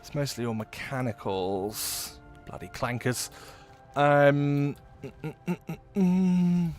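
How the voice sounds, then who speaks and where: A man's voice: fairly high pitch, expressive, takes it slowly, a little mellow, soft background music. A man chatting casually while live-streaming a game, rambling and swearing freely.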